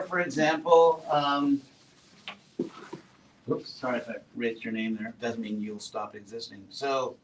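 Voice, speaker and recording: A man giving a relaxed classroom talk, asking his students questions and adding playful asides. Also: mid-range voice. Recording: roomy echo, far from mic, faint noise.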